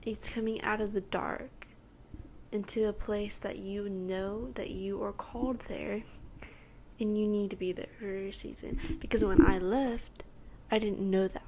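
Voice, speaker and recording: Unhurried and steady, a darkish mid-range female voice carries a little hiss or hum in the background. The speaker is a Texas teen podcast host telling a rambling personal testimony, re-enacting what she and others said.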